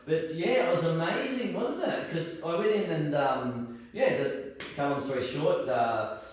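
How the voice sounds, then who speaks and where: Brief: Australian man, casual yarn-teller, lively, heard from across a boomy room. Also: measured pace. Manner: animated, laughing, acts out voices in his stories. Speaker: guest martial arts teacher. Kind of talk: casual storytelling chat. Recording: echoey room, mic far off.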